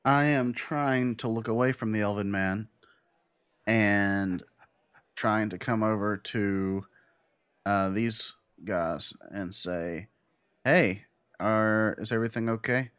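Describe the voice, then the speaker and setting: Male player, low voice, slow halting delivery, dry mic. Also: a bit bright, clean tone, no room sound. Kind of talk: tabletop role-play.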